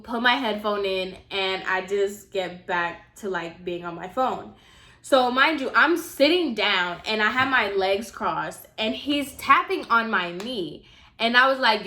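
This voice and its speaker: A young woman tells a personal storytime in a casual, animated way, stacking up asides and fillers. Her voice is bright and forward. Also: a little high, a little slow. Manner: chatty, animated, fillers like "mind you". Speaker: vlogger.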